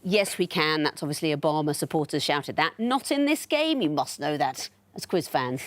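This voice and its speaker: Brief: woman quizmaster, lowish voice, dry and teasing, TV studio. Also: animated, moderate pace. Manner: dry, witty, lightly teasing. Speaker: quiz show host. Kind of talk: hosting a TV quiz.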